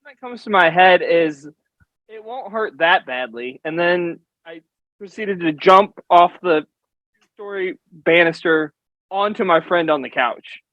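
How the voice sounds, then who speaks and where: A man's voice: high voice, measured pace, no room sound, muffled recording. A man, a guest on a casual podcast, telling a laughing anecdote. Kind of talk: casual roundtable chat.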